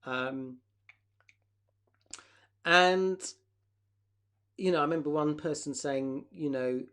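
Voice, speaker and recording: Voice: medium pitch, takes it slowly, pauses often, fairly bright tone, clear, resonant tone. A therapist leading a live online workshop, asking the audience reflective questions and acting out short example dialogues.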